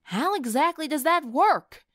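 A woman's voice: high-pitched, expressive, unhurried, fairly bright tone, dry recording, clean studio sound, pitched above the performer's own voice. A woman voicing a tough, weary farm girl.

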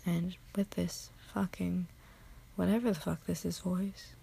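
A woman's voice: lowish voice, flat delivery, measured pace, gravelly, mellow, a little hiss or hum. A tired woman rambling late at night in a recorded audio answer, drifting into half-whispers, mocking herself and swearing casually. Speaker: amateur audio creator.

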